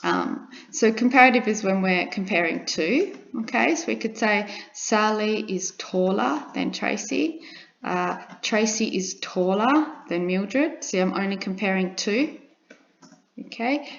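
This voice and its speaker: A woman's voice: medium pitch, lively intonation, unhurried, gravelly. A woman teaching an English grammar lesson, patiently repeating examples and checking in with her students. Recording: dull lo-fi recording.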